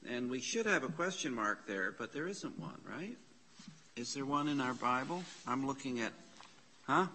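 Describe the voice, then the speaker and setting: A man's voice: medium pitch, expressive, normal speed, sharp tone, a little hiss or hum. A man teaching a classroom lesson on Bible Greek in a church classroom, patiently spelling out letters and parsing words aloud.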